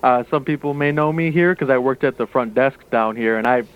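Over a tinny phone connection, a man who works at a casino promotes it during a radio interview, cheerful and peppering his speech with "uh." He speaks in a mid-range register, brisk and clear, with a resonant tone.

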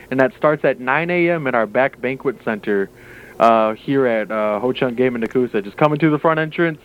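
A man calling in as a guest to promote his workplace, upbeat and full of "uh" fillers, heard over the phone. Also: mid-range voice. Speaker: guest, casino staff member. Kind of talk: promotional radio interview by phone. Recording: tinny phone line.

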